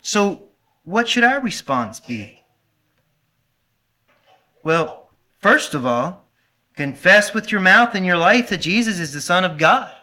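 A pastor preaches a sermon in a high, bright, forceful voice that is expressive and slow, with long pauses. He earnestly puts questions to his congregation and sometimes stops to correct himself.

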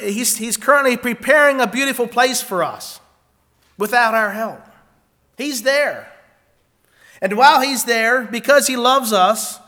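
A man preaching a sermon in an earnest way, reading scripture aloud and moving between loud emphatic stretches and quiet ones. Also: extremely high pitch.

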